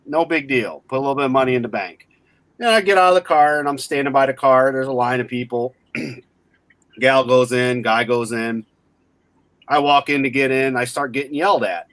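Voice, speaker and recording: A man's voice: medium pitch, moderate pace, dry recording. A man in his forties telling a story in casual chat, blunt and full of swearing. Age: 40s. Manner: profane, blunt, animated retelling.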